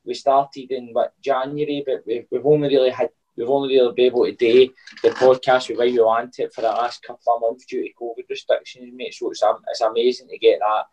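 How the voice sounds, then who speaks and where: A man's voice: medium pitch, level tone, a little fast, darkish tone, dull audio. A man with a West of Scotland accent co-hosting a podcast from home over the phone, chatting casually and calling his co-host mate constantly. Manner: blokey, says "mate" constantly. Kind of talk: casual chat. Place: at home with his young child. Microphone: phone call.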